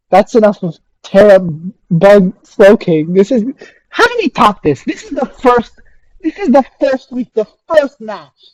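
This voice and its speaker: A woman's voice: darkish tone, dry recording, muffled recording. A woman making a solo reaction video, incredulous and exasperated, stammering and repeating herself in disbelief. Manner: stammering restarts, sudden high squeaks. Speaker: video creator reacting to a competitive battle.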